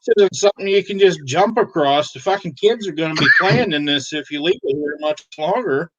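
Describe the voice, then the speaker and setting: A high-voiced man rambles through crude, profane anecdotes, swearing freely and laughing at his own punchlines. The sound is dull and lo-fi, like a home livestream. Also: a little fast, heavy background noise. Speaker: co-host. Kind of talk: crude comedic storytelling.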